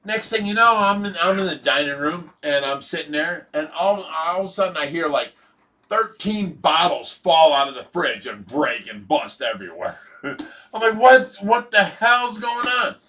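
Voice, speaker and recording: A man's voice: on the high side, normal speed, pushed and bright. A man with an Ohio accent hosting a casual livestream, telling funny stories and laughing often. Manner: jokey storyteller, laughs often. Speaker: livestream host.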